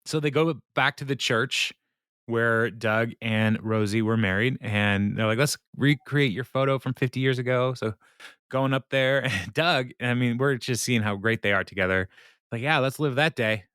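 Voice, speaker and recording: A man's voice: medium pitch, measured pace, a bit bright, smooth, dry recording, clean studio sound. A man co-hosting a podcast, casually recapping a sitcom episode with lots of fillers and laughter. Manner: rambling with many fillers, laughs often. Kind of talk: casual chat.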